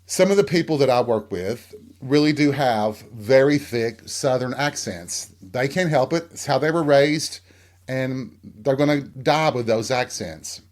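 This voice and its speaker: A man's voice: mid-range voice, measured pace, a little mellow. Frank, rambling man from Tennessee. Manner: frank and self-deprecating, rambling. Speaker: podcast host. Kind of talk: candid solo monologue.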